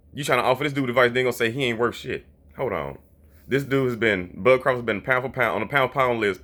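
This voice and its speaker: A man's voice: medium pitch, pushed and bright. A man delivering a heated, profane monologue about boxing, blunt and repetitive, often mocking others in quoted voices. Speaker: boxing commentator.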